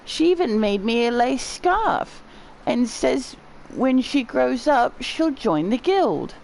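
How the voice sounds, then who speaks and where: A woman's voice: high voice, sing-song, slow pace, creaky, a little mellow, a little hiss or hum, voice pushed up, exaggerated voice, poor audio. A woman voicing a cheerful, encouraging adult caretaker character in a game.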